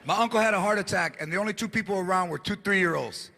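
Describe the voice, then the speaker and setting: A male stand-up comedian, telling animated stories live and slipping in Spanish words. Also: sits high, quick pace, gravelly, slight background noise. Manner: animated storytelling, mixing in Spanish words, frequent voices. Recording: live stage mic, loud crowd laughter.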